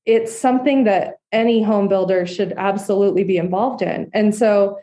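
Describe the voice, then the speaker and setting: A woman home builder answering interview questions. Her voice has a mellow, warm tone. She explains things earnestly and steadily, with relaxed fillers. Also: medium pitch, moderate pace. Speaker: custom home builder guest.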